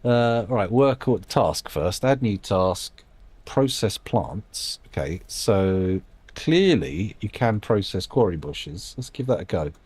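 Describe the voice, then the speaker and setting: A man's voice: lowish voice, big pitch swings, slow pace, darkish tone, husky, no room sound. A man giving casual live-stream commentary while playing a game, rambling, musing aloud and making self-deprecating asides.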